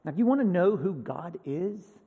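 A man preaching a sermon as pastor, earnest, swinging from loud emphasis to a hushed near-whisper. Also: high-pitched, expressive, moderate pace, breathy edge, narrow, tinny audio. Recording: long hall reverb.

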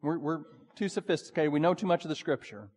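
A male pastor preaching a sermon, swinging between urgent pleading and hushed, quiet passages. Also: on the high side, animated, fast talker. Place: church sanctuary. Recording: long hall reverb.

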